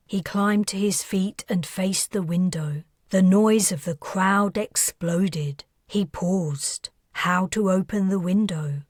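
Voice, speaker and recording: Slow, husky woman narrating a novel. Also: medium pitch, no room sound, studio quality. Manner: steady, measured storytelling. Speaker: author narrating her own audiobook. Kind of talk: scripted narration.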